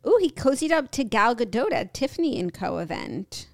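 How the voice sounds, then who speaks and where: Young woman, podcast co-host, relaxed wry chat, fairly high voice. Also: moderate pace. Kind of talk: casual gossip chat.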